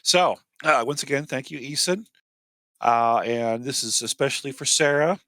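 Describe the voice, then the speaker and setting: A man's voice: mid-range voice, moderate pace, pushed and bright, no echo, studio quality. A man chatting casually on a game stream in a joking, playful way as he reads out donor messages. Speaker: player reading donor messages. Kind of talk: casual chat.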